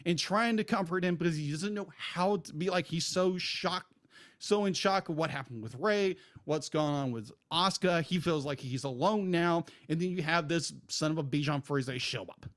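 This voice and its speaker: A man's voice: on the high side, normal speed, a bit bright. A man co-hosting a podcast, ranting emphatically and with exasperation about an anime character. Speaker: podcast co-host. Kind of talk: casual podcast review.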